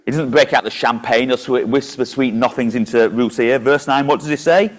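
A man's voice: mid-range voice, brisk. A man preaching a sermon and reading scripture aloud in a conversational way, with small slips and restarts.

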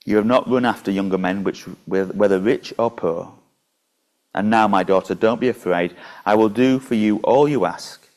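A man's voice: lowish voice, moderate pace, a little mellow. A man preaching a sermon and reading scripture aloud in a conversational way, with small slips and restarts.

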